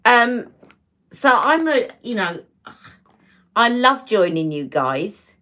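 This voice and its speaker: A woman hosting a casual beauty livestream, chatting warmly and greeting viewers by name as she talks. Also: on the high side, very animated, slow pace. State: emotional, close to tears.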